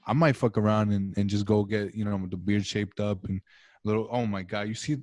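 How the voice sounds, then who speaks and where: A man's voice: lowish voice, steady tone, a little fast, darkish tone, no echo. Young male podcast host, dry close sound, passionate rambling rant on a video call. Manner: impassioned, rambling monologue, swearing. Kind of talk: casual chat over video call.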